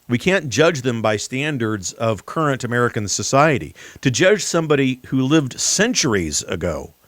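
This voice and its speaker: Man hosting a political talk show, emphatic, mid-pitched voice, dry close mic. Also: no echo. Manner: emphatic, repeatedly addresses "ladies and gentlemen". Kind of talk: conservative political commentary.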